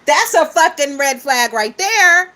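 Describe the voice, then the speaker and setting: Woman, gossip livestream host, high voice, sassy, profane, laughing often. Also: animated, measured pace, sharp tone. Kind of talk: casual gossip commentary, reading chat.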